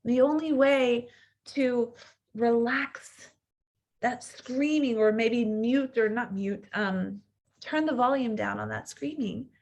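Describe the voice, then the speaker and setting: A woman's voice: on the high side, slow, darkish tone. A woman in her thirties, a coach giving an earnest, reflective teaching talk and sometimes acting out the inner voice of fear.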